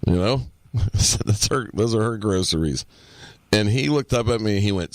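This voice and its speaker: Man, low voice, dry close sound, casual podcast chat, profane storyteller. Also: normal speed, no room sound. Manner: storytelling, profane, acts out quotes. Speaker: podcast co-host.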